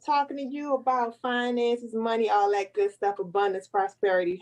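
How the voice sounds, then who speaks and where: Lively woman giving a slangy hype intro. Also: a little high, moderate pace, rough recording. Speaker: host of a money segment. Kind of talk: casual live-stream chat.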